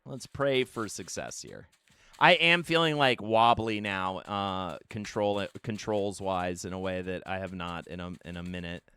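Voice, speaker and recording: Guy streaming a game, bright voice, swings up and down a lot, jokey and dry-miked. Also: sits low, measured pace, clean tone, no room sound. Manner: animated, self-mocking banter. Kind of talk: live gameplay commentary.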